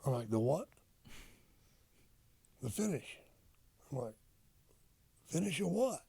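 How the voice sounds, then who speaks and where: An older man, a retired wrestler, telling stories in a casual interview, profane and animated as he acts out old conversations. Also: fairly high pitch, slow pace. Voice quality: gravelly, husky. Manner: profane, animated storyteller acting out quoted dialogue.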